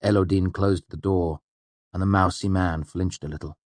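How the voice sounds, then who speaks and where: A man reading a novel aloud as narrator, in a measured, even storytelling manner. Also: sits low, no echo. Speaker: audiobook narrator. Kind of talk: scripted narration.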